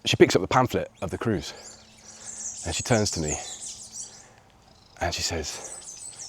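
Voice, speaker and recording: An English man tells a personal story for his video channel, his voice sitting a little low. He speaks reflectively and grows lively when he quotes other people. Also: a little slow, pauses often, a little hiss or hum. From England. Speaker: vlogger.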